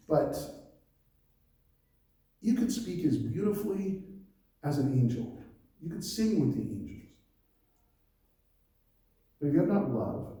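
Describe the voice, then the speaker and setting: A man's voice: mid-range voice, mellow. A man preaching a conversational sermon as pastor, mixing scripture reading with laughs and personal asides. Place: church hall. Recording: very echoey church hall, mic at a distance.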